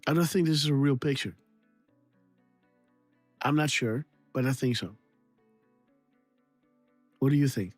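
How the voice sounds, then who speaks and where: A man's voice: mid-range voice, measured pace, long pauses, dry recording, soft background music. Laughing man hosting a casual livestream. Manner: laughing, repeats himself, imitates sound effects. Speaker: livestream host.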